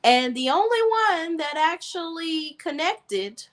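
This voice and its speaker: A woman's voice: high-pitched, animated, a little slow. A woman co-hosting a casual gossip chat, emphatic and sassy, tossing in "okay?" and "honey" often. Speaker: podcast co-host.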